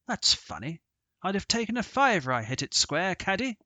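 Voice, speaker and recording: A man voicing a blustering older gentleman golfer who talks in clipped, jovial, brusque phrases. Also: sits high, big pitch swings, normal speed, no echo, voice pushed up, exaggerated voice. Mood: puzzled.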